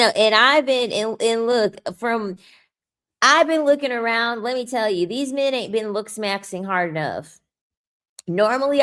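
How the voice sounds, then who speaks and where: A woman's voice: mid-range voice, a bit bright, clear, resonant tone. Young woman ranting on her vlog, cussing, scornful, mid voice. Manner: profane, blunt, mocking. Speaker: vlogger. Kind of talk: ranting commentary.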